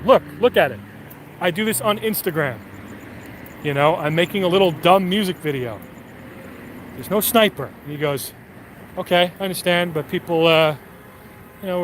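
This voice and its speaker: A man streaming from his phone while out walking, telling a rambling, profane story with animated quoted voices. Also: a little high, slight background noise.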